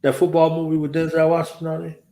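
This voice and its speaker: A man hosting a casual chat, telling animated, boastful and profane stories and acting out the people he quotes. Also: on the high side, quick pace, gravelly, echoey room. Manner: animated storytelling, acts out quoted voices. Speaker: host.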